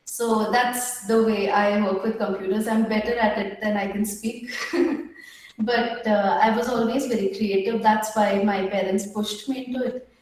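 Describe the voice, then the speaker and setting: A young woman pitching her startup, a bit nervous, with many filler pauses and restarts. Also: fairly even intonation, a little mellow. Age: young adult. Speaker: startup founder. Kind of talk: pitch at an online women entrepreneurs' meetup. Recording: very echoey room.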